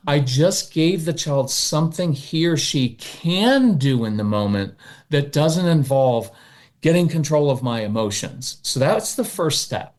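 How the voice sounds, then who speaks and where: A man as a podcast guest, coaching parents in a matter-of-fact, animated way and slipping into quick voices of parents. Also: on the high side. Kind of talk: podcast interview.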